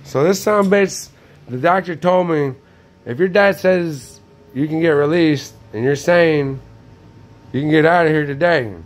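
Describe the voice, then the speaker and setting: Brief: man, slightly high voice, manic and foul-mouthed, rambling phone-video rant indoors. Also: measured pace. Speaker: vlogger. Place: indoors, room with a TV.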